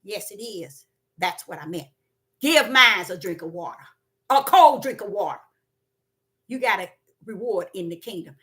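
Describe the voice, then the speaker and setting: A woman preaching a spontaneous sermon, repeating words for emphasis and swinging between loud and soft. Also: medium pitch, lively intonation, moderate pace. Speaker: self-styled prophet and preacher.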